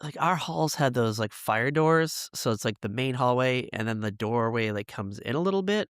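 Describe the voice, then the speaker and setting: Speaking at normal speed in a smooth, expressive, medium-pitched voice, a man co-hosts a podcast. His casual chat about school wanders, full of fillers and laughs, in a studio-quality recording free of room sound.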